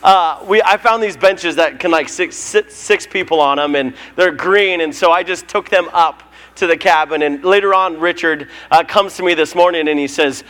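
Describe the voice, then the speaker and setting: A man with a slightly high voice leads a church service. He runs through the announcements casually, joking and telling stories with plenty of fillers. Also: moderate pace, hardly any pauses, a bit bright. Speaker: pastor.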